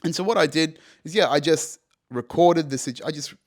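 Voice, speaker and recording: A man's voice: a little high, brisk. A young man hosting a podcast, telling a personal story casually and animatedly, swearing freely and saying "you know" and "right" often. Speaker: podcast host.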